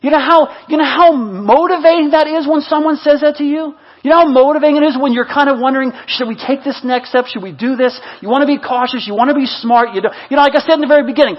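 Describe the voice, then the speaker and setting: A male pastor preaching a sermon, swinging between loud exhortation and hushed, intimate repetition. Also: very high-pitched, highs cut off.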